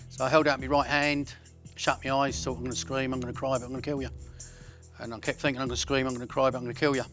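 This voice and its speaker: Fast-talking blunt man. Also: medium pitch, fairly bright tone. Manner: blunt, coarse storytelling. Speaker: interviewee. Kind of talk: recounting a violent episode.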